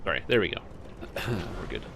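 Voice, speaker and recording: A young man streams a game through a webcam setup, talking briskly and casually as he rambles through stories. There's a noisy background behind him.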